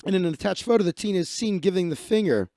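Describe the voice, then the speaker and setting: A man on a live stream with a gravelly, slightly high voice that swings up and down a lot as he talks. He reads news out loud and breaks off into blunt, profane rants. The sound is close and dry. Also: lively intonation, fast talker, no echo. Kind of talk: live stream commentary, reading news aloud.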